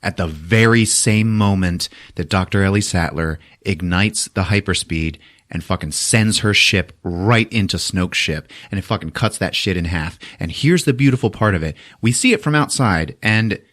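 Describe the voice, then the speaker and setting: A man hosting a podcast, retelling a film in a casual, profane and animated way. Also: low-pitched, moderate pace. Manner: animated, swears often, acts out quotes in silly voices. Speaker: podcast host recapping a film. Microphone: podcast mic.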